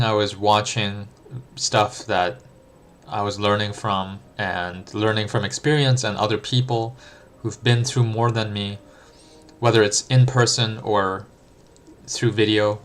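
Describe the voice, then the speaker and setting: Reflective man chatting on a livestream. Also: fairly low pitch. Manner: reflective, thinks aloud with frequent ums and restarts. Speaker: streamer answering chat. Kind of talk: casual livestream chat.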